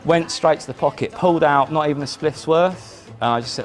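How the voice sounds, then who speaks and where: A man's voice: a little high, brisk, soft background music. Man telling rambling anecdotes. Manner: animated anecdotes with frequent restarts and laughter. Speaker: interview guest, musician. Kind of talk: casual chat, storytelling. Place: indoor chat.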